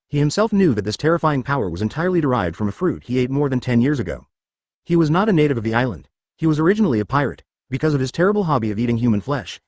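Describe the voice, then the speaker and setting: Lively, dry synthetic male storyteller. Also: medium pitch, dry recording. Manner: reads censored words out as asterisks. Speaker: narrator. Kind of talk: synthetic audiobook narration.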